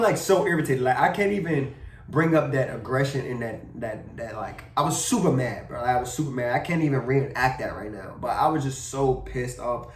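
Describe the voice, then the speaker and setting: A young man in a casual storytime vlog, retelling events with slang, swearing and animated energy. His voice sits in a middle register and is caught a little away from the mic, with a roomy echo around it. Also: mid-range voice, recorded from a distance. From Maryland. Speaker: vlogger.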